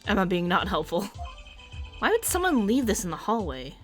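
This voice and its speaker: A woman's voice: medium pitch, very animated, normal speed, soft background music. A young woman streaming a game, chatting casually and animatedly, swearing now and then.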